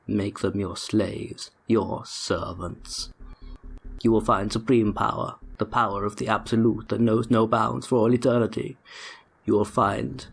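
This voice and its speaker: A man voicing a sinister old male occultist who tempts the listener with dark power, speaking slowly in a breathy, menacing half-whisper. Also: lowish voice, slight background noise.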